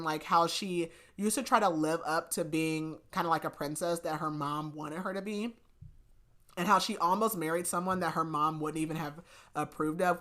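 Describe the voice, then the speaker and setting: A woman's voice: fairly low pitch, fairly bright tone. A woman hosting a podcast, chattily recapping a novel with frequent laughs and fillers. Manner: chatty, giggly, lots of "like". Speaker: podcast host. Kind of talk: casual book recap.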